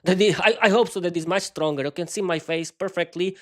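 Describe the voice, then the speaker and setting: A man's voice: high voice, brisk, fairly bright tone. Hesitant, stuttering man hosting a live stream. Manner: hesitant, stuttering, many restarts; chatty, talks to viewers while fiddling with lighting. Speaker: podcast host. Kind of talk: casual live-stream rambling. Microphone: desk microphone.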